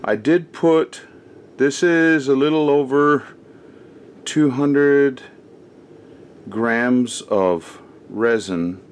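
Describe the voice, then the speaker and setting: A man of medium pitch hosts a casual craft how-to, drawing out his words and leaving long pauses. He chats and rambles with plenty of ums and uhs while he works, and his distance from the camera mic changes as he moves around. A faint hiss or hum sits under the recording.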